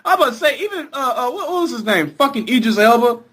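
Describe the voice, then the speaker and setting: A man co-hosting a movie review podcast, talking in a loud, profane, laughing rant. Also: very high voice, lively intonation, fast, a loud crowd. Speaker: podcast co-host. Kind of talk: casual movie review chat.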